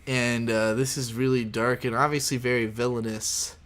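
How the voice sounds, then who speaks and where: A man's voice: mid-range voice, flat delivery, normal speed, a bit bright. A man hosting a casual anime podcast, rambling through scene recaps and swearing for emphasis. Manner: rambling, many fillers and restarts, swears for emphasis. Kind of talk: casual chat.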